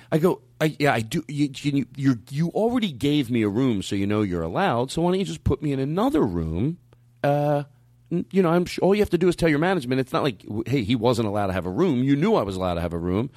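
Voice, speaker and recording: A man's voice: quick pace, no room sound. A man and comedian hosting a podcast, telling a story in casual chat and acting out his own outbursts. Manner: animated storyteller who acts out his own outbursts, swinging high and loud.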